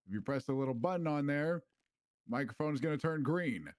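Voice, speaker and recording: A man's voice: fairly high pitch, expressive, brisk, no echo. A man playing a police trainer, explaining rooms in a casual, instructive role-play walkthrough. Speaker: police trainer giving a station tour.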